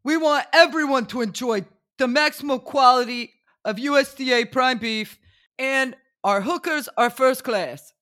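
A person putting on the voice of a smarmy male restaurant manager, who speaks in a slow, booming sales-pitch delivery. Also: sharp tone. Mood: pompous.

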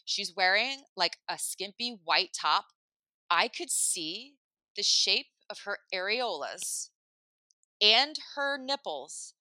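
A woman in her thirties telling a long story in casual chat, full of "like" and animated asides. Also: mid-range voice, no room sound. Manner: chatty, lots of "like", animated asides. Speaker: podcast host telling a story.

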